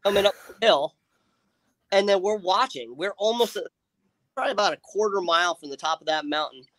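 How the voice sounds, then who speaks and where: A man with a somewhat high voice tells a long story in loose, casual chat. He rambles with lots of fillers and restarts and slips into his friends' voices as he goes. The sound is dry and close. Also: a little fast, dry recording. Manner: animated, acts out friends' lines. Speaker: livestream guest telling a story.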